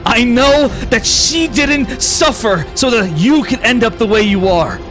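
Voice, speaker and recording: A man playing a fierce young fighter, blood on his hands, who speaks in a level, monotone voice with a high pitch for a man. Faint music plays underneath. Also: measured pace. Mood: earnest. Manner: pleading then firm, monotone. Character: intense young man confronting a woman, blood-stained, steady and unflinching.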